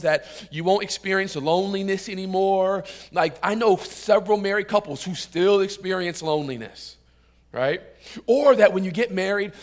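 A male pastor preaching a sermon in church, joking and telling stories, calling on the congregation to answer back. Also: sits high. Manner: calls out to the congregation for responses; lively, joking storyteller.

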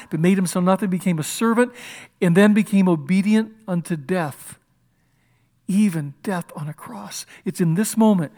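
A man preaching a sermon with passion, moving between loud declarations and hushed, intimate passages. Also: high-pitched. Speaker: pastor.

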